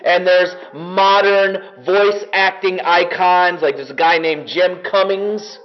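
A man's voice: sits high, steady tone, slow pace. A man preaching a sermon as pastor, earnest and enthusiastic in a conversational way. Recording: dull lo-fi recording.

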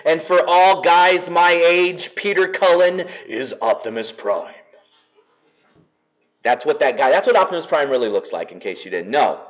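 A man's voice: fairly high pitch, lively intonation, normal speed. A man preaching a sermon as pastor, earnest and enthusiastic in a conversational way. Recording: dull lo-fi recording.

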